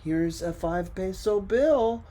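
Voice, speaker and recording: A man's voice: high voice, expressive, slow, dark tone, slight background noise, voice pushed up. A man voicing a nervous male photographer who stammers and placates. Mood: flustered.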